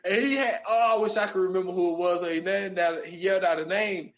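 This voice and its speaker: A man's voice: high voice, fast, lo-fi sound. A man on a podcast, animatedly retelling movie scenes in casual chat and laughing often. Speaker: podcast co-host.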